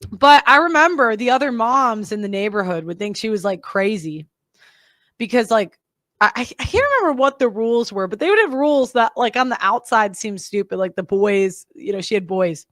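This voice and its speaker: A woman's voice: mid-range voice, lively intonation, moderate pace, a bit bright, no room sound, studio quality. A woman hosting a reaction show, talking in a candid, blunt way that rambles and interrupts itself. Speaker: host. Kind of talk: reaction commentary.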